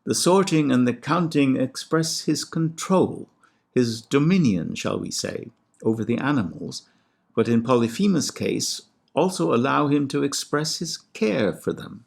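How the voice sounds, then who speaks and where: A man, a classics scholar, giving a measured and precise lecture on ancient poetry with a lightly wry touch. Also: mid-range voice, animated, creaky, slightly rough. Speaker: classics scholar and podcast host. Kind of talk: scripted lecture with recited Greek verse.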